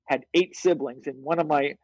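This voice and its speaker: A fairly high-pitched man in his fifties with a husky edge, talking over a video call. He tells stories bluntly and with lots of swearing, and the recording is dry and close. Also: moderate pace, no echo, low-quality recording. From North Shore of Boston, USA. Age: 50s. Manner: profane, animated and blunt. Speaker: podcast guest, fitness coach. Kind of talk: casual storytelling chat.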